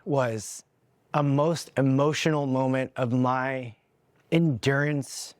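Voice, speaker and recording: A man's voice: mid-range voice, steady tone, takes it slowly, dry recording, clean studio sound. A young adult man hosting a podcast, telling a personal story in an earnest, candid way, emotional and holding back tears. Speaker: podcast host.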